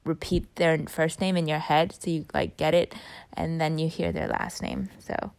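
A young woman chatting casually about a speaking workshop, full of fillers and trailing softly off at the ends. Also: sits low, little pitch movement, normal speed, gravelly, smooth. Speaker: vlogger recapping a speaking workshop. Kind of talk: casual chat.

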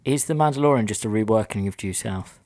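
A man's voice: fairly low pitch, fast, darkish tone. Dry, teasing man in casual chat. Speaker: podcast co-host.

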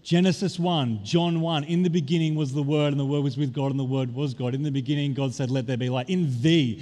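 A man preaching a sermon as pastor, stressing key words and drawing them out slowly. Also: mid-range voice, steady tone, warm tone. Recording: long reverb of a large hall.

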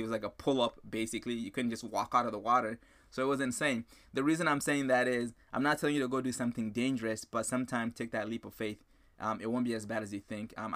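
Male podcast host, excitable motivational storyteller with a bright, tense edge to his voice. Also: medium pitch. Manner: animated, excitable, repeats himself, addresses listeners as guys.

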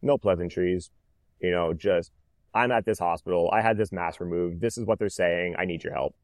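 Guest in his thirties with a deep voice, recorded close and dry. He reenacts conversations in a casual storytelling way. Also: normal speed, dry recording. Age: 30s. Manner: animated, reenacts dialogue, frequent "like" fillers. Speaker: interview guest, cancer survivor.

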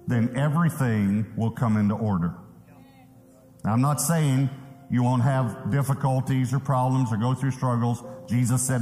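Man preaching in a big echoing hall. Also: mid-range voice. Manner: earnest preaching, slows to stress key words. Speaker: pastor. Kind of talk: sermon. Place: large church auditorium.

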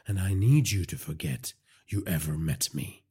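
A man's voice: deep voice, expressive, moderate pace, dark tone, husky, exaggerated voice. A man voicing a cold, vengeful vigilante father in an audiobook, terse and emotionless. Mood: menacing. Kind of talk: audiobook character voice.

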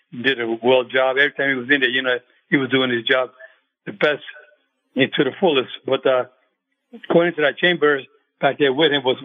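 An older man, a retired boxing referee, speaking as a radio show guest and recalling things in a halting way with many fillers and restarts. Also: mid-range voice. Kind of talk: phone-in radio interview. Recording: tinny phone line.

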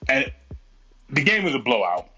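A man's voice: medium pitch, very animated, moderate pace, loud music behind the voice, low-quality recording. A man chatting on a podcast, ranting heatedly and swearing constantly. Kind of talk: profane casual chat.

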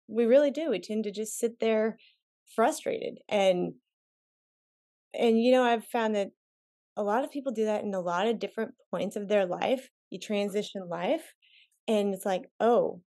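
A woman with a mid-range voice hosts a relaxed interview. She backs up her guest with short, frequent agreement and chats easily when she speaks up herself. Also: mid-range voice, a little slow, long pauses. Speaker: interview host. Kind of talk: casual interview chat.

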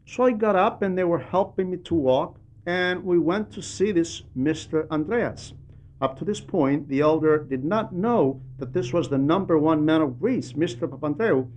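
A man reads aloud a translated radio talk, telling a story earnestly. His voice sits a little high for a man. He turns to address the listener directly at points. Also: moderate pace, a little mellow, a little hiss or hum.

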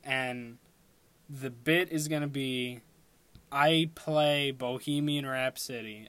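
A man's voice: mid-range voice, fairly even intonation, takes it slowly, fairly bright tone, dry recording. A young man telling a rambling personal story in a casual way, laughing at himself and breaking off to correct his own track. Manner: rambling, self-interrupting, laughs at own stories.

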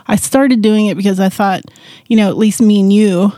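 Podcast co-host, middle-aged woman, mellow tone, nervous rambling, odd made-up twang, dry close sound. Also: medium pitch, fairly even intonation, normal speed, no room sound. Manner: nervous, rambling with many restarts. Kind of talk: casual chat.

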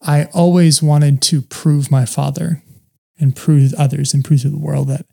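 A man sharing a painful personal story in conversation, halting and reflective, with many pauses and fillers. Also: fairly high pitch, fairly even intonation, gravelly, mellow. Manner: earnest and open about painful memories.

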